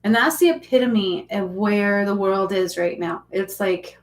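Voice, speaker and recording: Woman healer talking on a live stream, all fillers and restarts, gets emotional, mid pitch. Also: a little slow, rough recording. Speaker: spiritual healer. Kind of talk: casual live-stream monologue.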